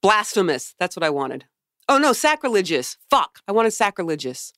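A woman's voice: medium pitch, sing-song, moderate pace, fairly bright tone, no echo, clean studio sound. A woman in her thirties co-hosting a podcast, chatting casually and swearing with asides. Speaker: podcast co-host. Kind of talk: casual chat.

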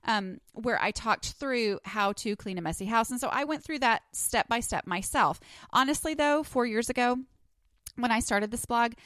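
A woman's voice: mid-range voice, a bit bright, dry recording, clean studio sound. A woman hosting her own podcast from home, chatting casually and rambling with plenty of ums and asides. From Texas. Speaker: podcast host. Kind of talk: casual solo podcast chat. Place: her home, sitting under a blanket.

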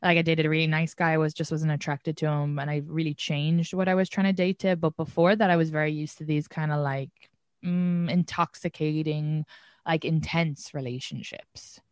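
A woman's voice: sits low, steady tone, moderate pace, clean tone, dry recording, clean studio sound. An Irish woman hosting a podcast, chatting casually in a rambling way, with lots of "like". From Ireland. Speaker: podcast host. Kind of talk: casual chat.

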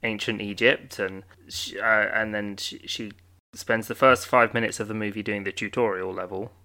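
A man with a bright, forceful voice co-hosts a podcast. He recaps the plot in casual chat, slipping in deadpan jokes. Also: fairly low pitch, moderate pace. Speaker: podcast co-host.

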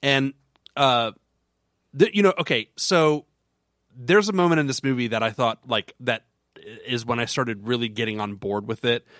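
A man co-hosting a podcast, rambling and animated as he retells film scenes in casual chat. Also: medium pitch, moderate pace, no room sound, studio quality. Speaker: podcast co-host.

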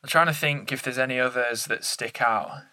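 A man's voice: mid-range voice, moderate pace, bright, forceful tone, smooth. A young man co-hosting a podcast, tossing off joking opinions in casual chat. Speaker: podcast co-host.

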